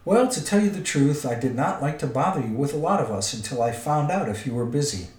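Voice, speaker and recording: A man's voice: mid-range voice, expressive, a little fast, darkish tone, close to an everyday voice. A man voicing a polite, crafty old male wizard, coaxing and careful, in a roomy recording. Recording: roomy echo.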